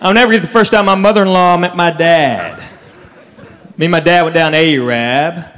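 A man telling stand-up stories, with wry, drawn-out punchlines. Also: fairly high pitch, fairly bright tone, big-room sound. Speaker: stand-up comedian. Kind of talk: stand-up storytelling. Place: comedy stage before a live audience. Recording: noisy live show with crowd laughter. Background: audience laughing.

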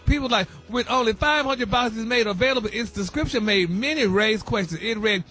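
A man's voice: very high-pitched, fairly quick, sharp tone, breathy edge. A man hosting a celebrity gossip segment on a radio show, flamboyant and sassy, calling everyone honey and baby. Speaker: celebrity news host.

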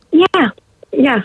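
A woman's voice: sits high, breathy edge. A woman calling in to a radio show over the phone, telling an embarrassing story and laughing at herself. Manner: laughing, self-mocking storyteller. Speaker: caller. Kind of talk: phone-in chat. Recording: tinny phone line.

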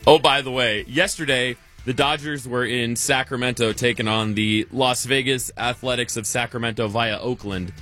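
A man's voice: medium pitch, steady tone, normal speed, bright, forceful tone, soft background music. A man co-hosting a sports talk show, telling a wry story. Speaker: co-host.

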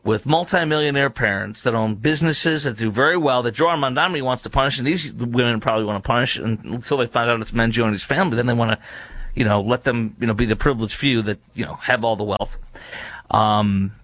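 Male commentator, mid-pitched, indignant and mocking, dry close sound. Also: fast, fairly bright tone, dry recording. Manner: indignant, mocking, repetitive rhetorical questions; frequent fillers and restarts. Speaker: political commentator. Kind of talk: casual opinion commentary.

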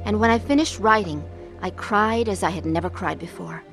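A woman's voice: mid-range voice, moderate pace, music in the background, natural voice. A woman narrating and playing a troubled adult woman in emotional pain, speaking earnestly. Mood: somber. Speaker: narrator and main character. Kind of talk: dramatized testimony with first-person narration.

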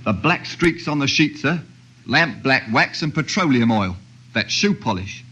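A man's voice: medium pitch, lively intonation, a little slow, pushed and bright, husky, heavily acted. An actor playing a respectful male police sergeant giving matter-of-fact reports in an old radio drama. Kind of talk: 1950s radio drama acting.

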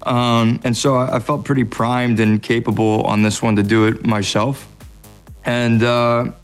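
An American man talking as an interview guest, relaxed and self-deprecating, with lots of fillers. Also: medium pitch, unhurried, clean tone, faint music behind. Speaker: actor guest. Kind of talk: casual interview chat.

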